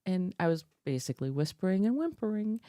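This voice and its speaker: A woman's voice: fairly low pitch, very animated, fast talker, dark tone, dry recording. A woman telling a personal story to her vlog audience in a chatty, laughing way, full of fillers, on a close mic. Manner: chatty, filler-heavy, laughing as she tells it. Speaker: vlogger. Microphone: desk mic close up.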